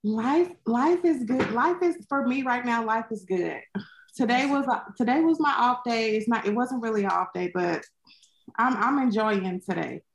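A woman being interviewed over a laptop video call, answering in a relaxed way with short replies and restarted sentences. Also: fairly high pitch, moderate pace, vocal fry, slight background noise. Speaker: interview guest, entrepreneur. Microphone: laptop mic on a video call. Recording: echoey room over a laptop mic.

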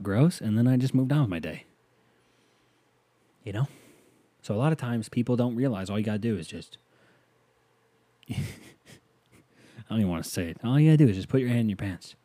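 A man's voice: lowish voice, animated, a little fast, pauses often, mellow, no room sound. A man hosting a podcast, rambling through a casual solo monologue with self-mocking jokes. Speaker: podcast host.

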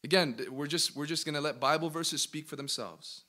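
A man leading a Bible study, reading verses aloud with emphatic, animated delivery and quick questions to his listeners. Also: fairly high pitch. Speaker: Bible teacher.

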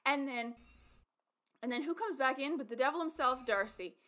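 A woman co-hosting a podcast who tells film scenes in a lively, animated way in casual chat. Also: high voice, normal speed. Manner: animated storytelling, acting out film dialogue. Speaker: podcast co-host.

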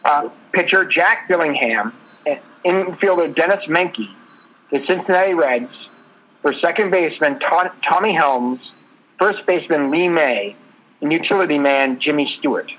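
A man's voice: fairly high pitch, normal speed, a bit bright, rough recording. A man co-hosting a casual sports podcast, telling stories and listing trade details. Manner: storytelling, lists trade details. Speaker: podcast co-host.

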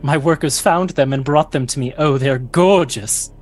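A man voicing a vain, grand female ant queen in a high, gushing voice with trilling laughs. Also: moderate pace, a little mellow, soft background music, natural voice. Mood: boastful.

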